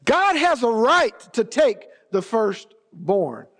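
A man's voice: very high voice, sing-song, slow, a bit bright. A man preaching a sermon as pastor, emphatic and repeating his key phrases for weight. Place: church sanctuary. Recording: long reverb of a large hall.

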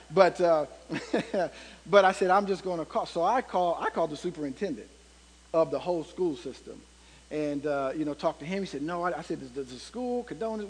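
A man's voice: high voice, breathy edge, big-room sound. A male pastor preaching a sermon, telling a personal story and then pressing his point with emphatic preaching.

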